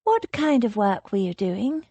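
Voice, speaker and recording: A woman's voice: mid-range voice, big pitch swings, a little slow, warm tone, no room sound. A woman reading an audiobook voices a spirited young noblewoman with an eager, pressing manner.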